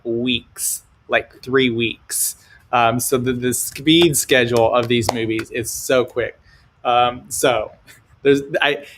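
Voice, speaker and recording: Laid back guy co-host, lots of likes and ums, middle pitch. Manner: relaxed, explaining with many fillers. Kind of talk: casual chat.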